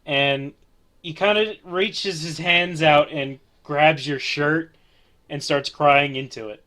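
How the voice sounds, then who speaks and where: A man's voice: a little high, steady tone, slow, bright, forceful tone. A man narrating a tabletop role-play as game master, easygoing and hesitant.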